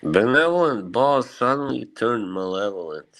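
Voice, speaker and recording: A man's voice: medium pitch, animated, a little slow, a bit bright. A man chatting on a casual live stream, rambling and swearing as he answers his chat, emotionally shaken.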